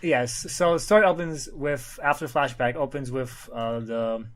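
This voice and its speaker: A man on a casual podcast walks through a comic book's plot. He pauses often on "uh" as he goes. His voice sits at an ordinary middle pitch. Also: fairly bright tone. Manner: retells the plot with frequent "uh" pauses. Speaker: podcast co-host summarizing a comic. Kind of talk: casual chat.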